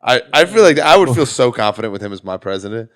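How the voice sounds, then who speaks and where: A young man, a comedian on a podcast panel, rambling and animated as he riffs on the news. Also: medium pitch. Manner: animated, rambling, quick to laugh. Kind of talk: casual panel chat.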